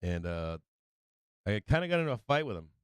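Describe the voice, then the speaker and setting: Low, smooth-voiced man telling profane stories. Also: big pitch swings, a little fast, dry recording. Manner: loose and profane, with many restarts and laughs. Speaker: live stream host. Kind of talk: casual rambling storytelling.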